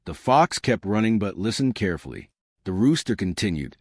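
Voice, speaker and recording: A man narrating scripted jokes in a lively storytelling manner. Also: on the low side, moderate pace, breathy edge, no echo, clean studio sound. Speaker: joke narrator.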